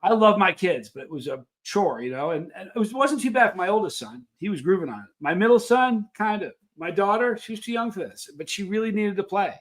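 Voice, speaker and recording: Middle-aged male stream host, slightly high voice, loose rambling anecdotes full of restarts. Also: expressive, brisk, hardly any pauses. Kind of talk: casual storytelling to a live chat.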